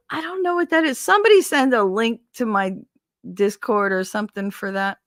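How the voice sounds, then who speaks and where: This livestream host talks at normal speed in a slightly high, fairly bright voice, with no echo and studio-quality sound. Working from a home setup on a desk mic, she chats in a rambling, stream-of-consciousness way, cursing freely and laughing a lot.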